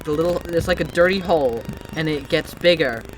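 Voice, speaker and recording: A game master narrating a tabletop game in a rambling, halting way full of fillers. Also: medium pitch. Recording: background noise.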